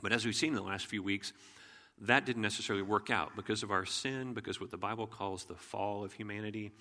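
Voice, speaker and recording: A man preaching a sermon as pastor in an earnest, measured way, often clearing his throat. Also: fairly low pitch, steady tone, pushed and bright. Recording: long hall reverb.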